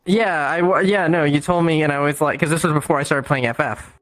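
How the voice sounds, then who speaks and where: A man's voice: a little high, fairly even intonation, brisk, fairly bright tone, dry recording, faint music behind, rough recording. A man chatting casually on a stream, blunt and teasing, swearing freely. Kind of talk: casual chat.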